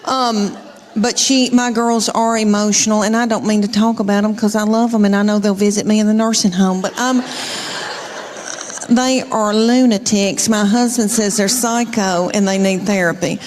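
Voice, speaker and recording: A woman's voice: medium pitch, fairly even intonation, moderate pace, a little mellow, big-room sound, slight background noise. A middle-aged woman doing stand-up comedy, telling family stories in a chatty, drawling way. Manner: chatty storytelling with drawled asides. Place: comedy stage with live audience.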